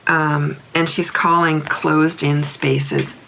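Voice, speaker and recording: Casting: a woman with a low, gravelly voice, rambling and earnest, recounting a session. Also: little pitch movement, slow, fairly bright tone, a little hiss or hum. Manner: rambling, earnest, often restarts sentences. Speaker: animal communicator.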